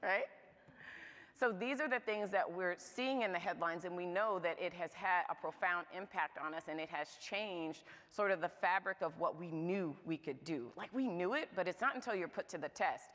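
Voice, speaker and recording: A woman's voice: lowish voice, normal speed, fairly bright tone, in a large hall. A woman speaking to a live audience at a moms' event, candid, humorous and conversational. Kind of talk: motivational talk to a live audience. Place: church event hall.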